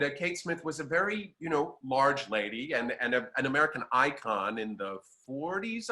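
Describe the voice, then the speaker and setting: Man, interview guest, bright clear tone, lively theatrical storytelling, laughs through his anecdotes. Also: medium pitch.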